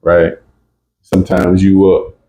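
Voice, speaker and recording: A man with a low voice hosts a casual spiritual talk. He speaks emphatically and keeps checking in with "right?" and "you see?". The room around him is echoey. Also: flat delivery, takes it slowly, dark tone. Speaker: podcast host.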